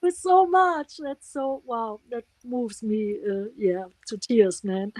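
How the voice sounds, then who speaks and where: A woman with a German accent, a musician chatting warmly as an interview guest over a video call, laughing often. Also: on the high side, slow pace, no echo. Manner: warm, gushing, laughs often. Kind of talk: casual interview.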